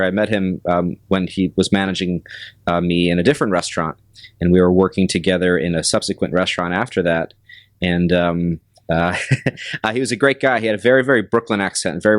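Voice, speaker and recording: Really deep-voiced guy, podcast guest, kinda halting, lots of ums, dry close sound. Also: steady tone, no room sound. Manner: measured, halting with many fillers and restarts. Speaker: restaurant general manager, guest. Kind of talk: casual interview talk.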